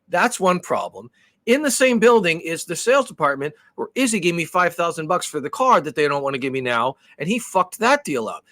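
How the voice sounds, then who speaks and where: Animated, profane man telling a story. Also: on the high side, no room sound. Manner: animated, profane, rambling with restarts. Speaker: podcast co-host. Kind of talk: casual storytelling.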